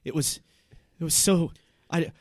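A man's voice: a little high, a little slow, no room sound, clean studio sound. A man improvising a nervous, panicky character on a comedy podcast.

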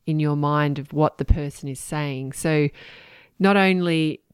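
A woman's voice: deep voice, a little slow, clean tone, no echo, studio quality. A woman co-hosting a casual podcast chat, asking questions and murmuring agreement. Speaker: podcast co-host, interviewer.

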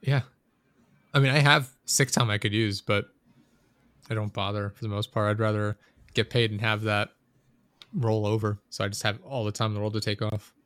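A man's voice: lowish voice, fairly even intonation, moderate pace, pauses often, a bit bright, no echo, studio quality. A man in casual chat, rambling and swearing as he vents about a coworker. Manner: profane, venting, rambling storyteller.

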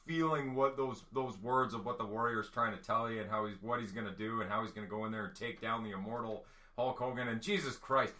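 A man hosting a casual podcast, with a bright, forceful tone. He stumbles over fillers and restarts, then picks up into eager retelling. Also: fairly low pitch. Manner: halting, many fillers, excitable. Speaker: podcast host. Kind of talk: casual chat.

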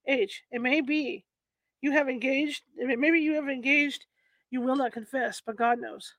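High-voiced woman reading aloud haltingly. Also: steady tone, fairly bright tone, no room sound. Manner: halting reading, frequent restarts on old wording. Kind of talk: reading a historical court transcript aloud.

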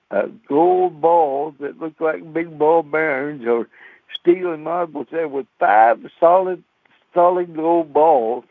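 A man, a radio preacher telling a folksy, animated story as a sermon and mimicking banjo twangs. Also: a little high, vocal fry, no echo. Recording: tinny phone-like dry radio sound.

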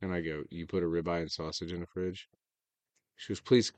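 Man, low voice, profane animated storyteller, dry close sound. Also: a little fast, no echo. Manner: profane, animated storyteller who acts out quotes. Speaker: podcast host. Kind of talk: casual storytelling chat.

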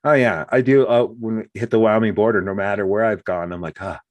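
A man's voice: fairly low pitch, brisk, dry recording. A man talking casually as host, telling stories and acting out what people said. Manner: animated storyteller, acts out quotes. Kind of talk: casual conversation.

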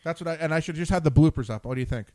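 A man's voice: a little high, very fast, dark tone, no echo. A man hosting a chat show, telling a long story with lots of swearing and acted-out quotes. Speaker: show host. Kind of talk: casual chat.

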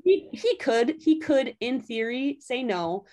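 A woman's voice: sits high, sing-song, slow, mellow. Chatty, profane woman recapping a story.

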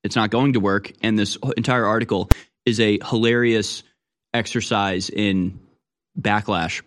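A man's voice: on the low side, fairly even intonation, measured pace. A man hosting talk radio, reading news and mocking it with sarcastic commentary that often trails off.

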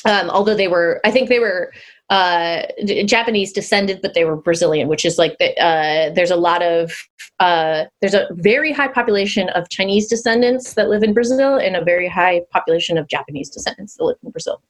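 A woman's voice: on the low side, a little fast. A woman co-hosting a casual chat, telling stories in a chatty way and laughing often. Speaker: podcast co-host.

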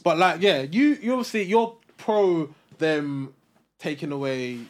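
A man's voice: a little high, animated, unhurried. A young man, co-hosting a casual podcast debate and pressing his points with repetition. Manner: emphatic, repeats himself when pressing a point. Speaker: podcast co-host.

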